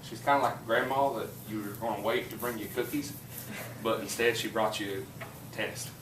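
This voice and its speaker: A man's voice: on the low side, steady tone, moderate pace, reverberant, distant mic, background noise. Southern West Virginia man teaching chemistry. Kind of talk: casual classroom storytelling and lecture. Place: classroom.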